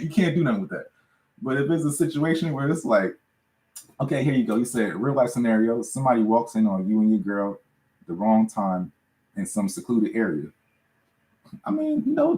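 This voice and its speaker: A man hosts a live podcast in a medium-pitched, darkish voice, casually telling stories. He laughs often and keeps asking "you know what I'm saying," and the recording has a roomy echo.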